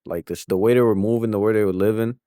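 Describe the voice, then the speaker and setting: A man reacts casually in a low voice, slangy and throwing in "bro" constantly. The recording is dry and close. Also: fairly even intonation, fast talker, warm tone, clean tone, no echo. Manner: slangy, says bro often.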